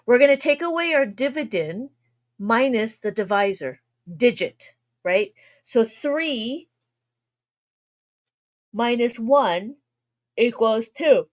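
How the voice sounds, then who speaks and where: With a fairly high pitch and lively intonation, a woman leads a chatty livestream lesson on doing long division with an abacus. She laughs a lot and works at slowing her normally quick speech.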